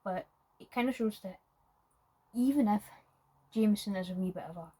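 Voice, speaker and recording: A woman's voice: mid-range voice, moderate pace, warm tone, slightly rough, low-quality recording. A woman giving a casual, rambling film review, full of hesitations and restarts.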